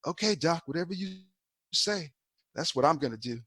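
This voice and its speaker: A woman's voice: low-pitched, expressive, normal speed, a bit bright, breathy edge, no room sound, clean studio sound, heavily acted. A man voicing a deferential middle-aged female patient who agrees with her doctor. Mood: compliant.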